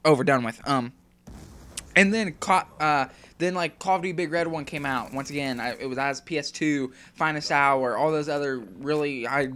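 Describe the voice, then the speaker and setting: Young male gaming commentator, slightly high voice, rambling and slangy, casual swearing, throat still recovering. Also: moderate pace, fairly bright tone. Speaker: gaming YouTuber. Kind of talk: off-the-cuff gameplay commentary.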